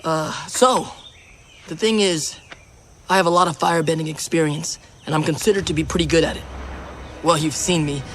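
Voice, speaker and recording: An actor playing a brooding young prince who fights with fire, speaking in an awkward, halting way in a cartoon clip. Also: male voice, on the high side, steady tone, a bit bright, a little hiss or hum, lightly acted. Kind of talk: cartoon voice acting.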